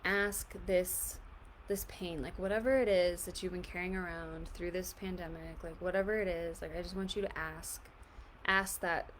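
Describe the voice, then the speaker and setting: A woman coaching an emotional tapping exercise in a gentle, reassuring, casual way, often saying "like". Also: fairly low pitch, steady tone, normal speed, a little hiss or hum. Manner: casual, fills speech with "like". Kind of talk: guided tapping session.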